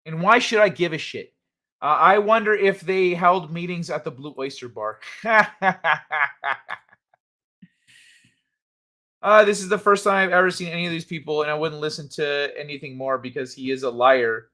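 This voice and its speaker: High, bright-voiced male livestream host. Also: moderate pace, pauses often. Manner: heated, profane and blunt. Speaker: livestream host reading chat. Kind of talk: casual livestream rant.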